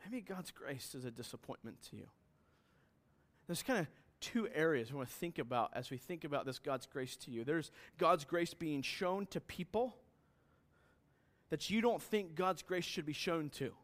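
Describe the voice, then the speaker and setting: High-voiced preacher with loud bursts. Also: male voice, moderate pace. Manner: earnest, questioning, rises to loud emphatic bursts. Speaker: pastor. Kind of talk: sermon. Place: church hall with congregation.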